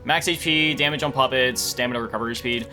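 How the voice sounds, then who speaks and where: This gaming YouTuber, yawning and worn out, keeps up quick-paced, laid-back let's-play chatter in a mid-range voice. He laughs a lot and pokes fun at himself while the game's music plays behind him.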